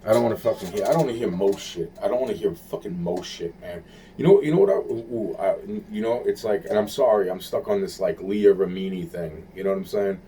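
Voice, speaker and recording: A man's voice: low voice, steady tone, brisk, few pauses, dark tone, a little hiss or hum. A man talking in a rambling, repetitive monologue, swearing and searching for words.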